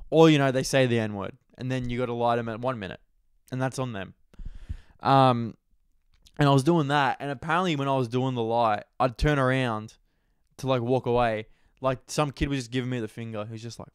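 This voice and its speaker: A man's voice: medium pitch, a little fast, smooth, no room sound, clean studio sound. A young man, a stand-up comedian casually telling a rambling story full of swearing and fillers.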